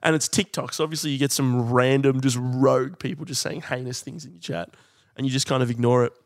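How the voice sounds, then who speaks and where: A musician telling rambling stories with frequent chuckles in a casual podcast chat. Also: male voice, medium pitch, fairly even intonation, quick pace, no echo, clean studio sound.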